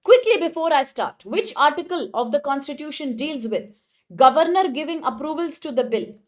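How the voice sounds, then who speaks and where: A woman giving a live online exam-prep lecture, brisk and encouraging as she praises students by name. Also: high voice, animated.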